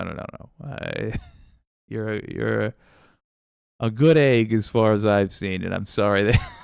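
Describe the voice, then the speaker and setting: A man's voice: medium pitch, creaky, no echo, clean studio sound. A man hosting a political livestream, casually reading viewer comments with sarcasm, frequent swearing and laughter. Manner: rambling, sarcastic, swears freely, laughs often.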